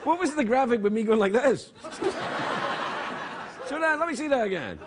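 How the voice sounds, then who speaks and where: A man's voice: very high voice, lively intonation, moderate pace, a loud crowd. A middle-aged man with a Scottish accent hosting a late-night talk show, delivering a jokey monologue in a slightly scratchy voice with mock-outraged outbursts. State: scratchy, throat-clearing voice. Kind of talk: comedic monologue and banter. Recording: TV studio with loud audience.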